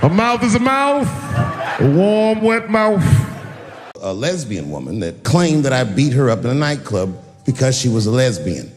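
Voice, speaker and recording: A man's voice: mid-range voice, moderate pace. A middle-aged man performing a stand-up comedy set, telling stories and acting out voices in a large venue. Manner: animated storytelling with acted-out voices. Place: large venue with a live audience. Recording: live hall recording with long reverb.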